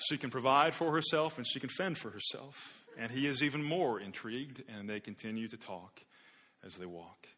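A man's voice: medium pitch, pushed and bright. A man preaching a sermon as a pastor, telling an illustrative story in an earnest way with occasional repeated words.

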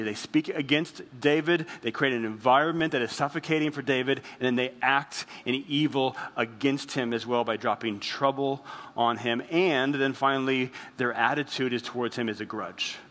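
A man preaching a sermon as pastor, earnest, slowing down and dropping his voice on heavy phrases. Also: mid-range voice, fairly bright tone, long reverb tail.

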